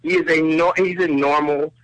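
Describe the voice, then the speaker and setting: A man's voice: on the high side, steady tone, moderate pace, a bit bright, no echo, low-quality recording. A man co-hosting a radio show who teases his partner in casual banter. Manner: dry teasing.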